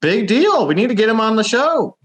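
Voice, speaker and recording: A man doing a deadpan, halting correspondent bit in an improvised comedy segment, talking over a remote call. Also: high voice, voice pushed up.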